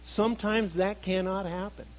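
A middle-aged man preaching a sermon, earnest, moving between emphatic stresses and soft, reflective passages. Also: sits high, steady tone, moderate pace, low-quality recording.

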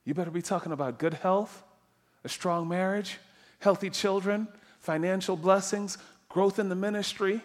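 A man preaching a sermon, emphatic and animated, dropping soft and then rising loud. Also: high voice, normal speed.

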